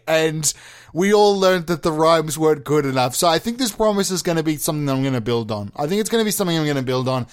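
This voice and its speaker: A man's voice: a little high, fairly bright tone. A man giving a rambling, self-mocking comic monologue as a pretend politician. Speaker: comedic mock politician. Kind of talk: comedic monologue.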